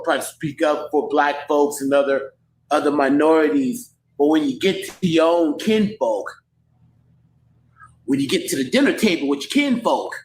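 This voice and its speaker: A man ranting in a slow, incredulous way in a played clip. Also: fairly high pitch. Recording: roomy clip with faint noise.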